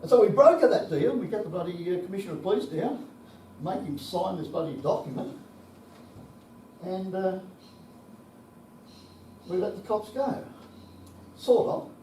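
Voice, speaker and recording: Speaking in a high, warm voice with lively intonation, a seventy-something Australian conference speaker shares anecdotes, swearing saltily and chuckling. He talks at normal speed but leaves long pauses. Recorded from a distant mic in an echoey conference hall, there is slight background noise.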